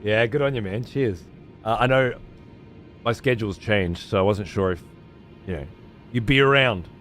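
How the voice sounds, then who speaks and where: Going through chat on his live stream, a laid-back man swears freely and uses slang including "mate" and "cunt." His fairly low voice has a fairly bright tone and a moderate pace. Faint music plays behind him.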